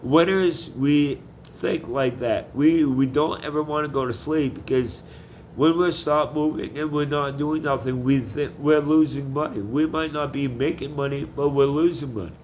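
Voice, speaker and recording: A man in an angry, profane personal monologue, talking with halting restarts and confronting someone directly. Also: on the high side, darkish tone, slight background noise.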